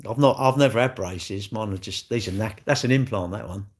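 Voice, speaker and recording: A man's voice: lowish voice, fairly quick. Blunt rambling man. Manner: blunt, rambling, chatty with frequent restarts and laughs. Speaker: livestream host. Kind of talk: casual livestream chat answering viewer comments.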